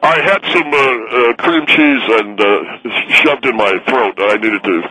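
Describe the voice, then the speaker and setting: A man's voice: mid-range voice, unhurried, bright, forceful tone, slightly rough, dry recording, poor audio. A man playing a gluttonous, indignant middle-aged documentary filmmaker in a comedy sketch. He talks with his mouth full and sounds petulant. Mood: rambling full-mouthed. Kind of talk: comedy radio sketch impression.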